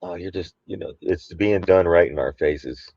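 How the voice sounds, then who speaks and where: A man's voice: low-pitched, moderate pace, a little mellow, dry recording, highs cut off. A man hosting a casual talk show, commenting loosely and swearing offhand. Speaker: show host.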